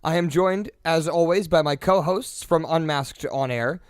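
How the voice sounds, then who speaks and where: High-voiced man reading mock news deadpan. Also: a little slow, clear, resonant tone, no room sound, clean studio sound. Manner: deadpan, self-important anchor delivery. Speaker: podcast co-host reading a news segment.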